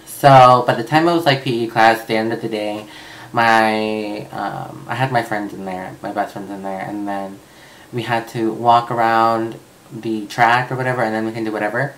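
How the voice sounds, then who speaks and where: A man's voice: lowish voice, steady tone, normal speed, fairly bright tone, poor audio. A young man vlogging, telling a personal story in a casual, chatty way with lots of fillers and swearing.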